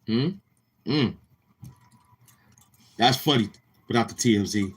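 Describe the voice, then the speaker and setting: A man with a husky, slightly rough voice hosts a live stream. He roasts a viewer in loose, joking banter and often breaks into laughter. He talks straight to his chat. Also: lowish voice, takes it slowly.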